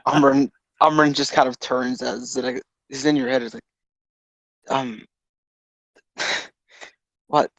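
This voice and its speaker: A player with a gravelly, creaky voice describes a character's actions at a tabletop game, speaking hesitantly. The sound is close and dry. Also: medium pitch, sing-song, unhurried, long pauses, fairly bright tone, dry recording, rough recording.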